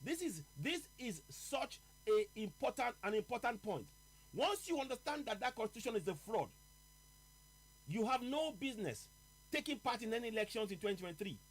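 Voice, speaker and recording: A man. He speaks with emphasis, slowing down and repeating his main points so they land. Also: very high-pitched, very animated, slightly rough, poor audio. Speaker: host. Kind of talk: live political talk broadcast.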